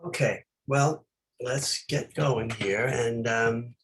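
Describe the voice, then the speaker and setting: Meditation teacher, male, mid-range voice, reflective questioning delivery with pauses. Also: mid-range voice, rough recording. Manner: reflective, asking many gentle questions, with pauses. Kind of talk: meditation dharma talk.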